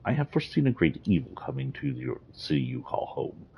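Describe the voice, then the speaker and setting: A man's voice: very deep voice, big pitch swings, brisk, gravelly, mellow, slight background noise, heavily acted. A man reading the lines of a villainous armored monarch sorcerer from game lore, close to his own voice. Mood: warning. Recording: dull lo-fi recording.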